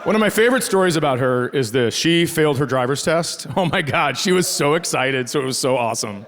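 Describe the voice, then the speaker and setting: On a theater stage, a middle-aged stand-up from the Midwest works through a profane, sardonic set, voicing the characters in his stories. He sounds a little high, expressive and fairly bright, speaking a little fast. A stage mic catches the live crowd laughing the whole way.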